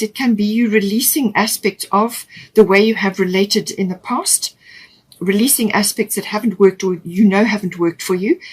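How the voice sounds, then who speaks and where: A woman's voice: mid-range voice, husky. A woman giving an unscripted tarot reading, talking with frequent fillers and restarts. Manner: hesitant, many fillers and restarts. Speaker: tarot reader.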